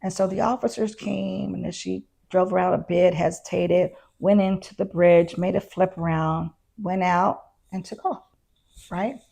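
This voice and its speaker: A woman's voice: lowish voice, fairly even intonation, normal speed, creaky, dark tone. A middle-aged woman and former constable, a guest in an interview, telling her story casually and acting out what others said. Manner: conversational, retells events with quoted dialogue.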